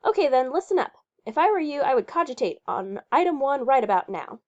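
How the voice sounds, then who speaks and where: A woman's voice: high voice, sing-song, brisk, darkish tone, pitched above the performer's own voice. A woman reading aloud and voicing a bossy, folksy woman who lectures and talks in country phrasing. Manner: fussy, lecturing, country-talking. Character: bossy folksy middle-aged woman horse owner. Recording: muffled lo-fi recording.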